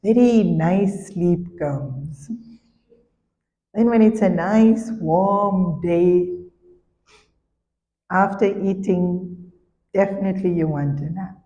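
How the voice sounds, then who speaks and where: A woman spiritual teacher giving a sermon, telling a story with animated, laughing delivery. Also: on the low side, takes it slowly, pauses often, in a large hall, highs cut off.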